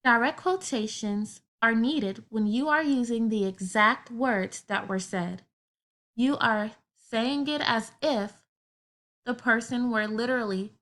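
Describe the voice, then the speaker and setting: Slow, patient woman teacher. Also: fairly high pitch, a bit bright. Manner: patient, explains step by step with everyday examples. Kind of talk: online grammar lesson.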